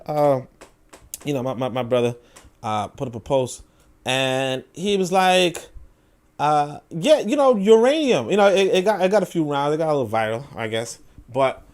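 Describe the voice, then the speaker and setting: A young man hosting a book-reading show, giving animated casual commentary, full of restarts and mocking acted-out voices. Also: on the high side. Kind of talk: casual commentary on read passages.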